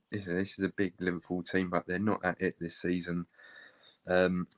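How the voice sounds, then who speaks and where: A man's voice: sits low, vocal fry, fairly bright tone, no echo, voice pushed down, exaggerated voice. A man doing a put-on Scottish accent as a blunt football manager giving his players a team talk. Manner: blunt, clipped pep-talk delivery.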